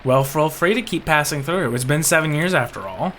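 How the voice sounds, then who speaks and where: A man's voice: a little high, fairly quick, natural voice. A man reading out the lines of a curt, grieving townsman in a game, with background noise on the recording. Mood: bitter.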